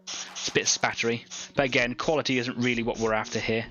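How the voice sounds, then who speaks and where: A man's voice: medium pitch, flat delivery, brisk, bright, forceful tone. A young man from Devon with a West Country accent, chatting casually as co-host of an online painting club while he works, rambling and laughing often. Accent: West Country English. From Devon, England. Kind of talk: casual livestream chat while painting miniatures.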